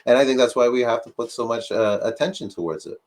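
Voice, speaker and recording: A man's voice: medium pitch, fast talker, a little mellow. A man in casual discussion, talking animatedly with lots of fillers and rhetorical questions.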